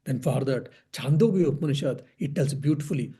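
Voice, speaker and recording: A man's voice: mid-range voice, normal speed, hardly any pauses, warm tone, slightly rough. A man, a monk, giving a spiritual discourse on Vedanta, explaining patiently, asking and answering his own questions and repeating key phrases.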